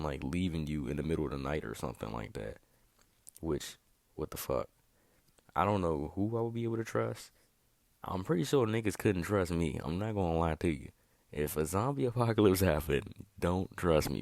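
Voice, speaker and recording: A man's voice: extremely low pitch, gravelly, darkish tone, dry recording. A young man hosting a video, talking in a casual, profane and rambling way that gets worked up at times. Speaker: video host. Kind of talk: casual monologue.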